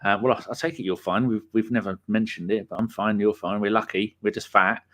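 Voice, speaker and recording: A man's voice: fairly low pitch, fairly even intonation, fairly quick, a bit bright. A man hosting a podcast, chatting casually and teasing his co-host with jokes. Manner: teasing, joking. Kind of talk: casual chat.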